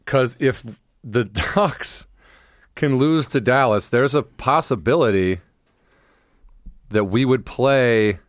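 Excitable rambling man, dry close mic. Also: medium pitch, slow pace, long pauses, no room sound. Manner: rambling, excitable, bursts into shouted impressions. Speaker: podcast co-host. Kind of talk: casual chat.

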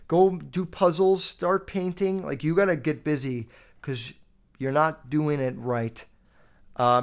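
A man in his twenties hosting a solo podcast, ranting bluntly with heavy swearing and lots of fillers. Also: on the high side. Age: 20s. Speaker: podcast host. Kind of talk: casual solo podcast rant.

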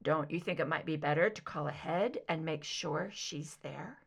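A woman voicing a wry, low-voiced agent son. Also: normal speed, gravelly. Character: grown son, a wry male FBI agent.

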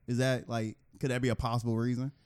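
A man co-hosting a podcast in casual chat, animated and acting out quoted reactions with bursts of laughter. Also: medium pitch, quick pace, smooth. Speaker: podcast co-host.

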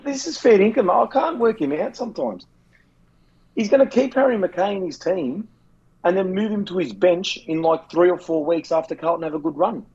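An Australian man co-hosting a casual footy podcast, telling sweary, animated stories and mimicking his mates. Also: high-pitched, moderate pace, breathy edge, highs cut off. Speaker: podcast co-host.

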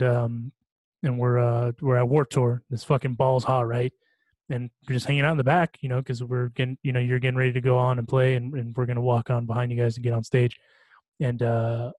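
A man's voice: mid-range voice, a little mellow, no room sound. A man hosting a podcast in casual chat, rambling with lots of restarts and fillers, laughing often. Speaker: podcast host.

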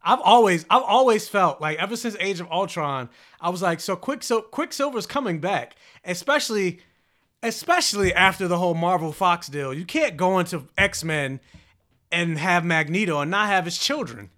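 A man with a slightly raised pitch who talks in a loose, rambling way, full of fillers and restarts. His delivery is casual and conversational. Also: animated, normal speed, bright, forceful tone. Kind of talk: casual chat.

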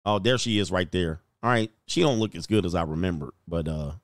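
A man's voice: low voice, a little fast, dry recording, clean studio sound. A man hosting a casual livestream, reading out chat comments and joking in a loose, slangy way. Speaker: dating coach and channel host.

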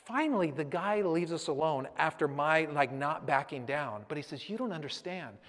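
A man's voice: on the high side, moderate pace, fairly bright tone. A man in his thirties telling a personal story to a church audience, acting out the scene vividly and then turning earnest and reflective. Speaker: speaker addressing a church audience. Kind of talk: personal story told from a stage. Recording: long hall reverb.

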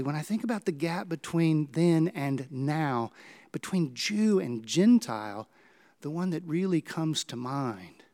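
A male pastor, preaching a sermon and telling stories with dramatic swings in pitch and volume. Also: a little mellow.

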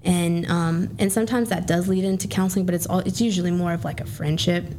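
A woman guest telling personal stories in a candid, halting way, with many fillers and restarts. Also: on the low side, fairly even intonation, dark tone, slight background noise. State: near tears, whispering at times. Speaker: podcast guest. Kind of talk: emotional personal storytelling.

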